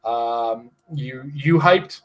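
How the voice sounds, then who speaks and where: A man's voice: mid-range voice, extremely slow. A young man hosting a casual game podcast, rambling through sponsor plugs with lots of fillers. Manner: rambling, restarts with frequent fillers. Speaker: podcast host. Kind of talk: casual podcast chat reading sponsor spots.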